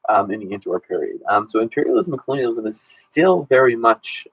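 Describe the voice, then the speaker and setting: A man's voice: mid-range voice, expressive, brisk, husky, no room sound, phone-quality sound. A man in his thirties, a history teacher running a casual exam review Q&A and talking in a chatty way with many ums and restarts.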